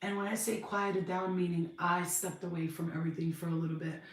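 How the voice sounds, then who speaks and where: A woman, telling her life story on a podcast, blunt and animated, acting out other people's voices. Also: on the low side, brisk, recorded from a distance. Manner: blunt, animated, swears freely, acts out voices. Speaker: podcast host. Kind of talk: casual storytelling monologue. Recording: echoey room, voice off-mic.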